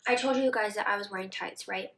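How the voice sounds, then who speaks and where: A young woman vlogger tells her viewers a personal story in a brisk, chatty way, her medium-pitched voice full of "like" fillers. Now and then she drops into soft murmurs.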